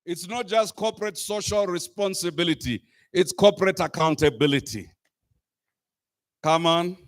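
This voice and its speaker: A man giving a rousing public speech to a youth assembly, emphatic and full of rhetorical repetition, at times rising to a shout. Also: sits high, moderate pace. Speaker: speaker addressing a youth climate assembly. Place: live event stage.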